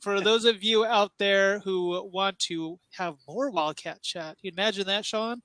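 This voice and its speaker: A man's voice: high voice, unhurried, sharp tone, smooth, dry recording. A man hosting a casual video-call chat. He talks in a loose, laughing way and acts out what a dog is thinking. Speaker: host.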